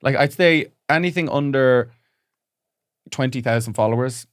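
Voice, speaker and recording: Irish guy on a comedy podcast, cursing a lot, fake outraged, normal pitch. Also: moderate pace, clean tone, no echo, clean studio sound. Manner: animated, swearing, mock-indignant. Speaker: podcast co-host. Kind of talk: casual comedy chat. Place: podcast studio.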